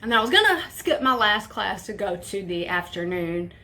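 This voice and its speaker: A woman's voice: mid-range voice, sing-song, normal speed, pushed and bright. A young woman telling a personal story on a vlog, casual and profane, with emotion in her voice. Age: young adult. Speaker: vlogger.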